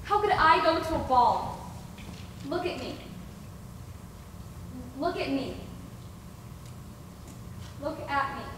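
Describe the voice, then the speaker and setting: A woman's voice: sits high, animated, takes it slowly, pauses often, noisy background. Young actress as plaintive downtrodden girl, school play, heard from afar in a big echoey hall. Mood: wistful. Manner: wistful, plaintive. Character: sad, self-doubting young ash girl. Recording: echoey hall, far from mic.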